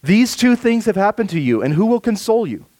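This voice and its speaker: A man preaching a sermon, reading scripture slowly and softly, then rising for emphasis. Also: high voice. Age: adult with children. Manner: expressive preaching, slows and softens for scripture, rises for emphasis. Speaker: pastor.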